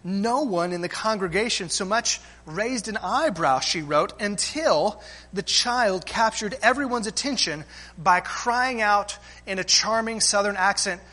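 A pastor delivers a sermon in a high voice. His tone is bright and ringing, and he leans on rhetorical questions, checking in with "right?" and addressing the listeners as friends. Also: unhurried.

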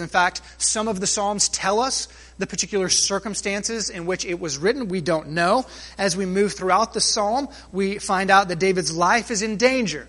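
A man preaching a sermon as pastor, emphatic, stretching and swelling key phrases, then dropping to quiet asides. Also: high voice.

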